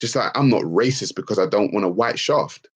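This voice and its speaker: A man's voice: fairly low pitch, expressive, brisk, slightly rough. A man hosting a livestream Q&A, ranting emphatically and swearing freely as he answers the chat. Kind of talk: livestream Q&A rant.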